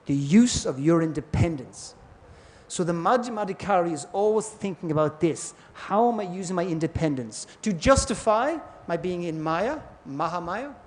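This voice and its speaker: Man, high voice, lecturing on scripture and acting out parable voices in a lively way. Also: moderate pace. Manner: storytelling, acts out voices in parables. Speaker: class speaker. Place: temple hall.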